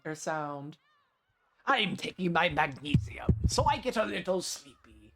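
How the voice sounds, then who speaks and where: A man's voice: on the high side, expressive, a little slow, creaky, a bit bright, slight background noise. A man streaming a visual novel, thinking aloud and swearing freely while he reads the text aloud. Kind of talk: casual let's-play commentary and reading aloud.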